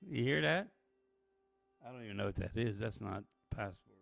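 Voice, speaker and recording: A man's voice: on the low side, lively intonation, normal speed, creaky, a bit bright, dry recording. A man hosting a late-night livestream, talking candidly and rambling with swearing, tired and emotional. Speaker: channel host.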